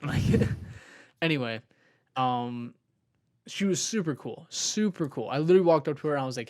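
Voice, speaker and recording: Fairly quick and mid-range, this young man's voice carries a long, rambling story on the podcast he co-hosts. The chat is casual, and fillers like "like" come up again and again.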